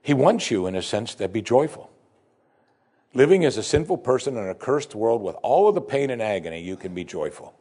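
A man preaching a sermon, animated, swinging between loud emphasis and soft, quiet asides. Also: medium pitch, a little fast, husky.

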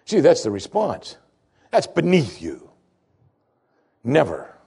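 Husky, animated male preacher. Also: measured pace, long pauses. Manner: animated preaching, voice climbing high for emphasis. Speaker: pastor. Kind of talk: sermon.

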